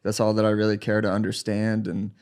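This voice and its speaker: Easygoing lower-voiced man guest. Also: completely flat delivery, fast talker, a little mellow. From United States. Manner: modest, rambling, hedges with filler words. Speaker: guest fighter. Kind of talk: casual podcast chat. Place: podcast studio.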